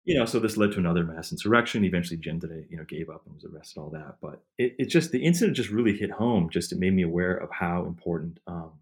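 Middle-aged male historian guest: deep, quick, rambling storyteller full of fillers. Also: animated. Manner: rambling with many fillers and restarts. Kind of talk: casual interview answers.

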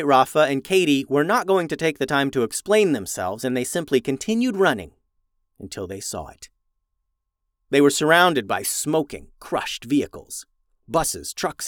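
A man reading a children's adventure story aloud, with lively voices for the characters. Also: mid-range voice, no room sound, clean studio sound. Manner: animated, raises voice for characters' lines.

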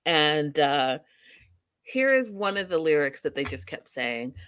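A woman with a low, resonant, clear voice hosts a casual reality TV recap show, speaking a little slowly. She's animated, laughing and acting out what people said, and the recording is dry.

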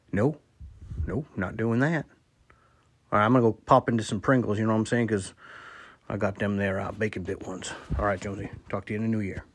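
A man's voice: medium pitch, husky. Guy leaving a rambly voice memo on his phone, stammers a lot, regular mid voice, keeps contradicting himself. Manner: rambling, stammering, full of fillers and repeats; absurd self-contradicting asides. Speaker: listener sending a voice message to a podcast. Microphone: phone voice recorder.

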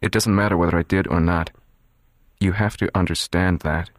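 A cold, controlled young man, played by a man in a dramatized audiobook, speaking low and evenly. His tone stays quiet, measured and detached. The recording is dry and close, with no room sound. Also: steady tone, no room sound, close to an everyday voice. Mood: calm, guarded.

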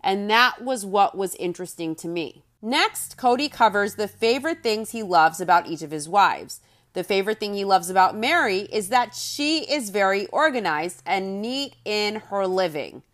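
A woman's voice: medium pitch, animated, normal speed, fairly bright tone. A woman hosting a podcast, recapping a reality show in a blunt, sarcastic monologue and mocking quoted lines in exaggerated voices. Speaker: podcast host.

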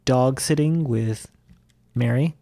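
A man co-hosting a podcast who drops brief, deadpan comments. His voice is recorded dry and close, with no room sound around it. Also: mid-range voice, slow pace, gravelly, dry recording. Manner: deadpan, short dry remarks. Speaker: podcast co-host. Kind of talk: casual chat.

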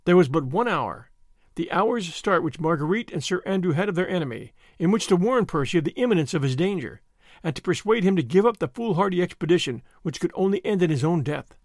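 Brief: dramatic male storyteller for an audiobook, animated and high-pitched, recorded close. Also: fairly quick, no room sound. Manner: expressive, dramatic reading. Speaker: audiobook narrator. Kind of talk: scripted narration of a classic novel.

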